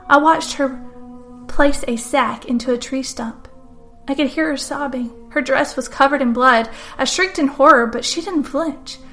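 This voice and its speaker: A woman telling a first-person story in scripted narration, calm and measured. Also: fairly high pitch.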